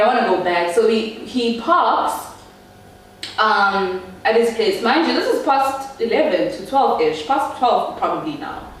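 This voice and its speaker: A woman's voice: a little high, recorded from a distance. Chatty South African woman, echoey room. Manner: chatty, laughing, talks straight to viewers. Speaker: YouTuber. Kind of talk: storytime vlog.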